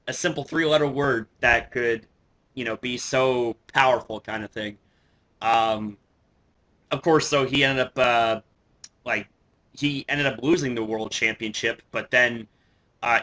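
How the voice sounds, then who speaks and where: Bright-voiced excitable male vlogger. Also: medium pitch. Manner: excitable, swears a lot, many fillers and restarts. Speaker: wrestling vlogger. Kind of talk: casual reaction commentary.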